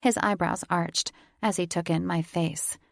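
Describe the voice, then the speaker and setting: A woman's voice: on the low side, steady tone, unhurried, gravelly, no room sound, studio quality. A woman narrating a first-person romance audiobook in an intimate, teasing reading.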